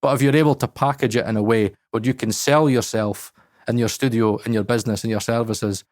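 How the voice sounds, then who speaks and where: A man's voice: mid-range voice, steady tone, fairly quick, darkish tone, no room sound, studio quality. A Scottish man co-hosting a podcast in casual, blunt chat, swearing freely. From Scotland. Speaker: podcast co-host.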